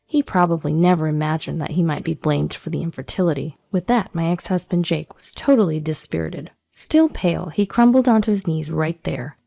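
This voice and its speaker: A woman reading a first-person story as a scripted narration, steady and measured. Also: sits low, creaky.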